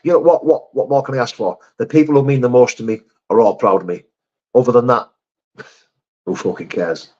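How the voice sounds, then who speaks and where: In casual live chat, a middle-aged English host reads viewer comments and answers bluntly, using mate and brother for everyone. His mid-range voice is expressive, brisk and a little mellow, captured with lo-fi sound.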